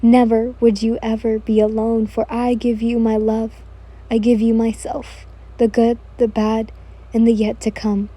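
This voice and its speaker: A woman voicing an ardent young male demon slayer who speaks in loud, earnest declarations of love. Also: a little high, flat delivery, measured pace, breathy edge. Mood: tender.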